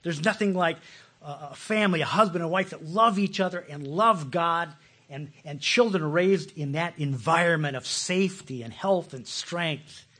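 Husky preacher man, passionate sermon. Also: on the high side, normal speed. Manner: passionate, swinging between loud pleas and hushed asides. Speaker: pastor.

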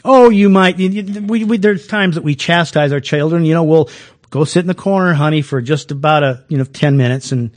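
A preacher delivers a relaxed, conversational sermon in a high voice at a brisk pace. He is folksy, chuckling often and tripping over many restarts, and talks to his listeners as if they were friends.

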